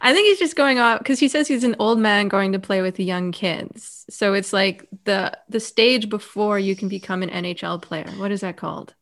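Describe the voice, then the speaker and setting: A woman co-hosting a podcast, chatting casually about a movie, quick to laugh and given to short dry replies. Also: mid-range voice, fairly bright tone. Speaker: podcast co-host. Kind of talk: casual movie discussion chat.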